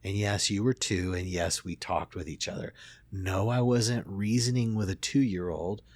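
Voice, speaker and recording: Low-voiced middle-aged man telling a story. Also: a little mellow, husky, no echo. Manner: reflective, many restarts and fillers. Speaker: therapist and podcast host. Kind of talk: casual storytelling conversation.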